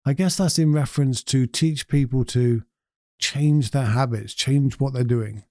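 A man hosts a relaxed chat, reading viewer comments aloud and pondering each one with an easy chuckle. His voice is mellow and warm. The sound is dry and close, with no room around it. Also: medium pitch, a little slow, no echo. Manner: reflective, chuckles often.

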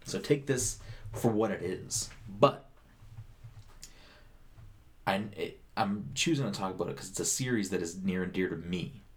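A man's voice: sits low, unhurried, pauses often. A man co-hosting a casual gaming podcast, joking and swearing as he rambles through his thoughts. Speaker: podcast co-host.

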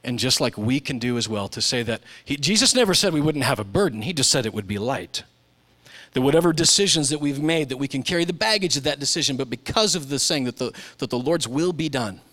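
A man in his forties preaching a sermon in a church, animated, dropping soft and low, then jumping to loud, high impressions. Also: a little fast. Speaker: pastor.

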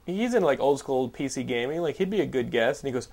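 A man's voice: mid-range voice, lively intonation, fast, creaky, a little mellow. A man hosting a casual podcast, loose and joking with crude humor. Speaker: podcast host. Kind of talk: casual chat.

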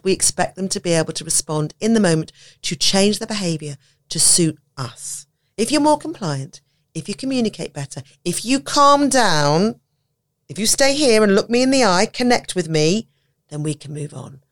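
A woman talking on a podcast about teaching, animated, often acting out quoted voices and laughing. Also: mid-range voice, normal speed. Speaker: podcast guest, autism educator. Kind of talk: conversational podcast talk.

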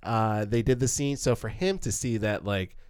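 Man, podcast co-host, casual film analysis, animated, frequent restarts, smooth voice, dry close sound. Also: lowish voice, moderate pace, no echo. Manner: animated, stumbles and restarts, acts out quoted lines.

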